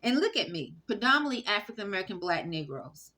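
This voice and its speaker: A woman talking straight to camera in a rambling, halting monologue full of fillers and restarts. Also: medium pitch, very animated, sharp tone. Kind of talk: casual spoken monologue.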